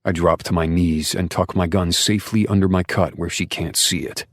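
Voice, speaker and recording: A man narrating a dark romance audiobook in the first person, with intense, emotional delivery and hushed passages. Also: sits low, fairly even intonation, normal speed, no room sound, studio quality.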